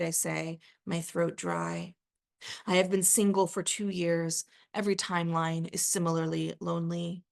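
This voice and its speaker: A woman author reading her own first-person fiction aloud at a live event, measured and even, with the odd dry aside. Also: lowish voice, gravelly.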